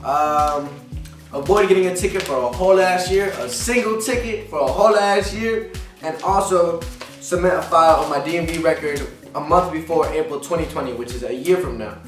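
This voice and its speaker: A man vents in a frustrated, profanity-laden vlog rant that circles back over the same complaints. His voice sits a little high for a man and sounds distant from the mic in an echoey room. Faint music plays in the background. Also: normal speed. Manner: frustrated, profane, repetitive venting. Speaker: vlogger.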